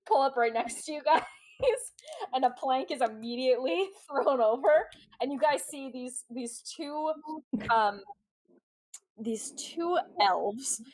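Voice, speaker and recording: A woman's voice: sits high, lively intonation, slow pace, a little mellow, poor audio. A woman narrating as game master, chatty and giggly, with many fillers.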